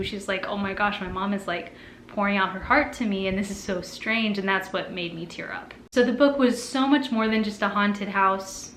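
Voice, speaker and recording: A chatty young woman talks casually about books in a roomy, echoey space, with faint ambience behind her. She often trails off and restarts her sentences, at an ordinary middle pitch. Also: a bit bright, slight background noise. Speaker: book vlogger. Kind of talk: casual chat.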